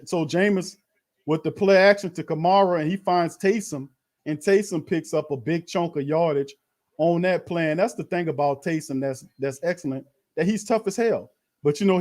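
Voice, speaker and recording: A man hosting a fan watch party, calling plays in a slangy, animated way and talking to his chat. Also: on the high side. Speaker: fan host doing live play-by-play. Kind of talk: excited watch-party commentary.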